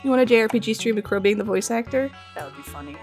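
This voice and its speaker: A woman's voice: medium pitch, expressive, racing, a little mellow, faint music behind. A young woman chatting casually with her viewers while streaming art from home. She rambles, pokes fun at herself and laughs often. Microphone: streaming microphone.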